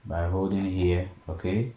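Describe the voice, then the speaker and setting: A man teaching a design software tutorial step by step and often checking in with "okay?". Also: low-pitched, a little slow. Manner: steady step-by-step explaining, frequent "okay?" check-ins. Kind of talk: screen-recorded tutorial narration. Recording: echoey room, faint background noise.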